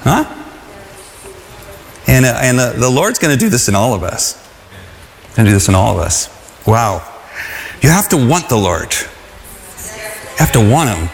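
A man preaching a sermon in an earnest, conversational way, at times crying out loudly and at times stumbling over restarts. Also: mid-range voice, big pitch swings, vocal fry, slight background noise. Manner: earnest, conversational, with shouted cries and halting restarts. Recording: long hall reverb.

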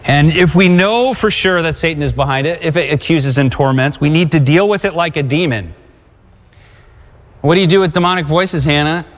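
A man's voice: a little high, moderate pace. Man preaching in a reverberant hall. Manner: exhorting, calls for congregation responses. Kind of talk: sermon.

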